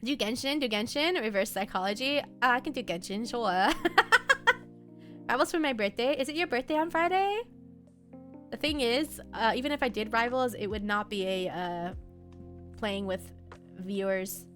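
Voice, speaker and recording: A young woman chats casually to her viewers, rambling from one thing to the next. Her voice sits a little high, and she laughs often between thoughts. Soft music plays faintly behind her. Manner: chatty, rambling, quick to laugh. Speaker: streamer. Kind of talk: casual chat.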